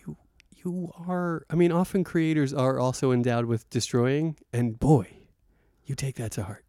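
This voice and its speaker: A man's voice: mid-range voice, normal speed, dark tone, no room sound, studio quality. A man co-hosting a podcast in casual chat, teasing his partner with mock exasperation. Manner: mock-exasperated, teasing, quotes lines in put-on voices. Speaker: podcast co-host.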